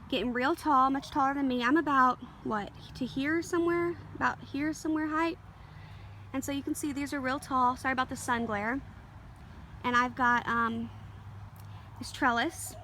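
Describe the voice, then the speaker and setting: A woman's voice: sits high, a bit bright, a little hiss or hum. Rambling woman touring her garden. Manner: rambling, easygoing, full of fillers and small apologies. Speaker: garden vlogger. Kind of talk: casual garden tour. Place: outdoors in a home garden. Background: faint outdoor ambience, passing planes.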